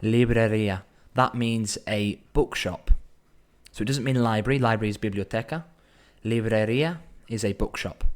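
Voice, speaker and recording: A man teaching Spanish in a relaxed, explanatory way, slowing down to sound out phrases and thinking aloud as he goes. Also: on the low side. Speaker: Spanish tutor. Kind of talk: explanatory language lesson.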